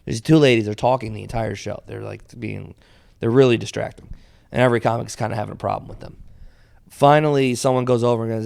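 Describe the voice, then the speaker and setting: Smooth-voiced man telling comedy stories. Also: fairly low pitch, quick pace. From moved to New York at seventeen. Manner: animated storyteller, shouts when quoting. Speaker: stand-up comedian guest. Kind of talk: casual podcast storytelling.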